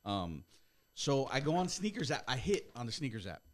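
A young man co-hosting a podcast tells a story in casual chat, animatedly acting out the quotes as he goes. His voice is medium in pitch and moderately paced, with no room sound.

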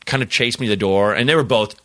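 A man with a lowish, bright voice tells stories in a relaxed podcast chat. He slips into the voices of the people in his anecdotes, and his voice is dry and close. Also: quick pace, no echo. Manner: animated storyteller acting out quoted people. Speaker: comedian guest.

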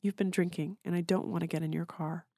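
A miserable young woman who speaks small and subdued, read by a woman. Her voice is low and quiet, without flourish. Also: fairly even intonation, fast talker, creaky, no echo, clean studio sound.

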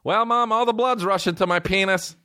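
A man voicing his young cousin as a little boy, whining and pestering in a high squeaky voice. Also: fairly quick, pushed and bright, dry recording, studio quality. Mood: proud.

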